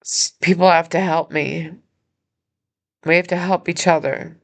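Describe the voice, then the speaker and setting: Emotional woman making a halting appeal. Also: fairly low pitch, steady tone, gravelly. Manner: earnest, halting, with many pauses and restarts. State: emotional and injured. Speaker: podcast host and nonprofit founder. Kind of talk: personal appeal monologue. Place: hospital room.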